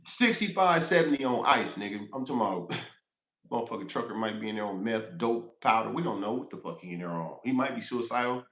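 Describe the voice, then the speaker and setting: A man's voice: on the low side, animated, fairly quick, a bit bright, echoey room. A man who drives trucks, telling a rambling, profane road story on a casual livestream, laughing as he goes.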